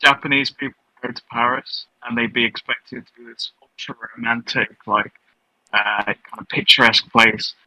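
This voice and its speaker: A man's voice: mid-range voice, fairly even intonation, normal speed, bright, forceful tone, no room sound, low-quality recording. A man co-hosting a podcast, explaining things in a wry, profane, casual way. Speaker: podcast co-host. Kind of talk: casual commentary.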